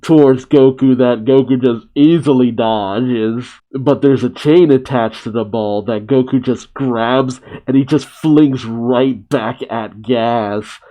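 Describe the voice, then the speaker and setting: Guy doing a chill comic recap, slow talker, mellow, laughs a lot. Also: medium pitch. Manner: laughs often, casual and amused. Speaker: comic reaction host. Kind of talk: recapping a comic chapter with reactions.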